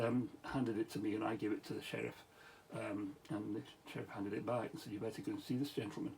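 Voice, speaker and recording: A man's voice: medium pitch, darkish tone, a little hiss or hum, rough recording. A tired middle-aged Scottish man, a former police officer, telling a meandering story late at night with many restarts, asides and chuckles.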